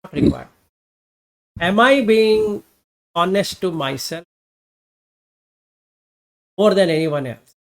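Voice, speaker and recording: In an informal Buddhist teaching, a Dhamma teacher speaks reflectively and haltingly, posing rhetorical questions and then answering them. The voice sits at medium pitch with lively intonation.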